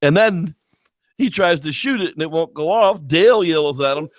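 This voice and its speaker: A man in casual chat, recounting a film's plot with rising excitement and a slightly high voice. He speaks close to the mic in a dry, deadened space, pitching up sharply when he acts out characters. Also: moderate pace, dry recording. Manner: animated retelling, squeals when quoting characters. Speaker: podcast co-host. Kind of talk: casual movie review chat.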